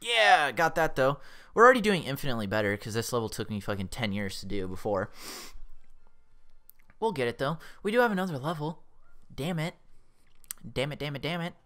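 Speaking briskly in a medium-pitched voice broken by long pauses, a young man narrates his own gameplay as a let's play host. Easily excited, he swears often and lets out yelps whenever something startles him.

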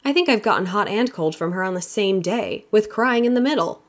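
Woman reading a friendly young intern girl in a storybook, a bit brighter than the narration. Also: medium pitch, expressive, fairly quick, pitched above the performer's own voice, natural voice.

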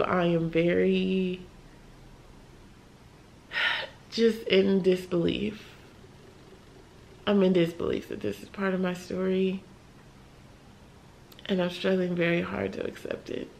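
A young American woman talks to her camera late at night, candid and worn out. Her voice has a gravelly fry at the ends of phrases, and she pauses, sighs and laughs softly as she goes on. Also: medium pitch, a little hiss or hum. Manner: candid, tired, halting, with sighs and soft laughs. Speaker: vlogger. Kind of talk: emotional late-night vlog talk.

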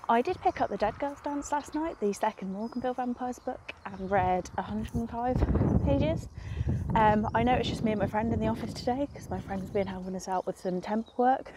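A woman's voice: on the high side, moderate pace, background noise. Chatty young woman vlogging. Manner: chatty, rambling, self-deprecating. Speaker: book vlogger. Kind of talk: casual vlog chat.

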